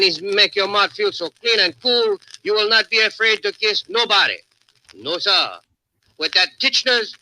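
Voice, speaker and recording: An actor playing a hucksterish radio pitchman with an in a vintage radio commercial. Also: pushed and bright, exaggerated voice, rough recording. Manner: hucksterish, folksy. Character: fast-talking male radio pitchman, comic drawl.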